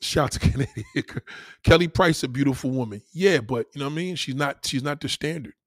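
A man's voice: mid-range voice, fairly quick, no room sound, studio quality. A man hosts a podcast and rants in a crude comedic style, swearing freely and laughing at his own lines. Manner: animated, profane, laughing asides. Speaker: podcast host.

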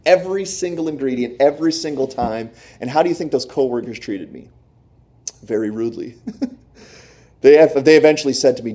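A man's voice: mid-range voice, fast. Man telling a sermon story. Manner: animated storytelling, acts out quoted voices. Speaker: pastor.

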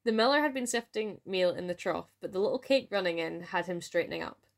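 A woman with a Scottish accent narrating a folk tale aloud in a lively storytelling manner. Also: fairly low pitch, fairly quick, vocal fry. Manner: lively read-aloud with voiced dialogue.

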